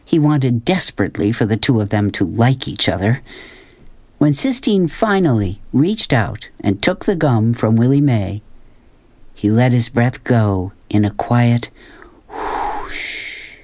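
Calm audiobook reader, slow, dry close mic. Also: medium pitch, no room sound. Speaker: audiobook narrator. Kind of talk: scripted narration.

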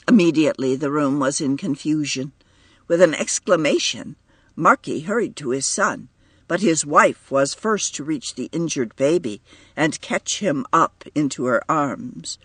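A man reading a story aloud as narrator, measured and expressive. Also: fairly high pitch, breathy edge, no room sound. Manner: measured, lively intonation. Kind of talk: audiobook reading.

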